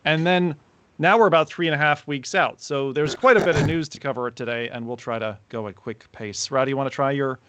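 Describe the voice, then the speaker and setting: A man's voice: mid-range voice, a little fast, fairly bright tone, smooth, dry recording. A man hosting a casual podcast, introducing a co-host with playful jokes and chatting with the audience. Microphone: remote call setup.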